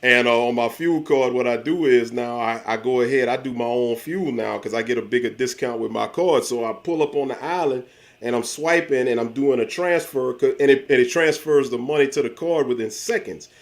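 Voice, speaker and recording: A man co-hosting a call-in sports talk show, telling stories in an animated way and stammering on restarts. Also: mid-range voice, brisk. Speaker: co-host. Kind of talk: casual call-in show chat.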